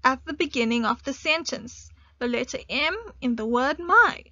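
A woman teaching an online grade one English lesson, speaking slowly and clearly and stressing key words. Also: sits high, sharp tone, no room sound. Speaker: primary school teacher. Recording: dull lo-fi dry recording.

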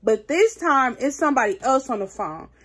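A woman's voice: high-pitched, animated, moderate pace, a bit bright, breathy edge. A woman vlogger telling a storytime in a casual, slangy way, talking straight to her viewers.

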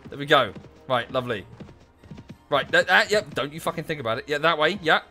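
A young man narrates his gameplay in a high, bright, lively voice, swinging from muttering to outraged yelling and cursing. Faint game music plays underneath. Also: fairly quick. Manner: exasperated, swears a lot, shouts at the game. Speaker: gameplay streamer. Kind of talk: casual gameplay commentary.

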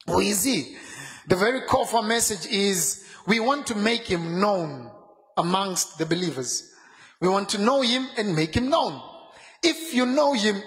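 Pastor, male, fervent sermon delivery, rises into shouts, echoey hall. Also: sits high. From Zimbabwe. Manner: fervent preaching, rising into shouts and sung phrases.

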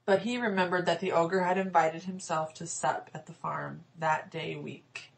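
A woman narrating a fairy-tale audiobook in a measured storytelling manner. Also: lowish voice, fairly even intonation, creaky, low-quality recording. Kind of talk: scripted narration.

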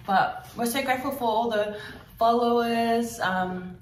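A woman with an Australian accent hosting a casual vlog, chatting with lots of ums and likes and quick giggles. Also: a little high. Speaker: vlogger host. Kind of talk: casual chat. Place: at home with kids. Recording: roomy, distant mic, faint noise.

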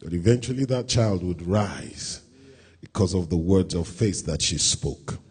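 A pastor preaching a sermon at a church service, speaking deliberately and rising to loud, emphatic scripture reading. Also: male voice, deep voice, lively intonation, husky.

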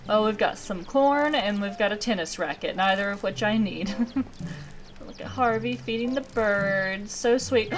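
A young woman in her twenties talking through a cozy video game, excitable and quick to giggle. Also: a little high. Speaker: gaming channel host. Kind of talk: let's play commentary.

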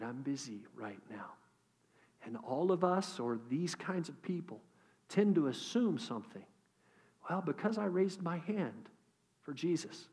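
A middle-aged man preaching a sermon as pastor, candid and conversational, swinging between hushed asides and emphatic calls. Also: fairly high pitch. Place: church.

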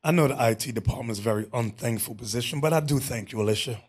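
A man's voice: medium pitch, racing, a little mellow, husky. A man teaching a Bible class in an emphatic preaching manner, calling on readers and staff between points.

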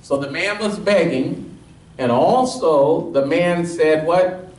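A man preaching a sermon as pastor, quizzing his congregation call-and-response style and pressing his points with rising energy. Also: takes it slowly. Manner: energetic and emphatic, rising in pitch as he drives points home. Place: church sanctuary. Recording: echoey room, mic at a distance.

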